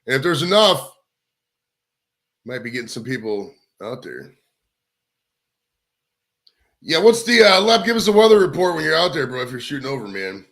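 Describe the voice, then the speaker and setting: A man's voice: medium pitch, very animated, normal speed, long pauses, a bit bright. A man hosting a live stream, chatting casually in a crude, rambling, profane way. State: out of breath. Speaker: livestream host.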